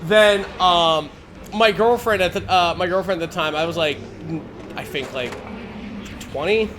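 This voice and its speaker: A man in his forties, a live streamer, telling a story in a casual, animated and profane way with frequent laughs. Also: high-pitched, normal speed, noisy background.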